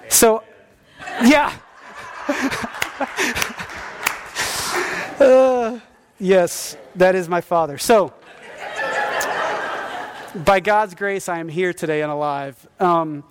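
Animated storytelling pastor, high-voiced man. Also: a little slow, pauses often. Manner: animated storytelling with acted-out quotes. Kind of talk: sermon.

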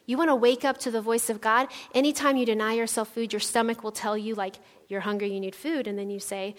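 A woman's voice: on the high side, fairly even intonation, fast, few pauses. A woman in her thirties giving a conversational sermon, telling personal stories with lots of fillers. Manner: chatty, personal storytelling with fillers. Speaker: church speaker. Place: church sanctuary. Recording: long hall reverb.

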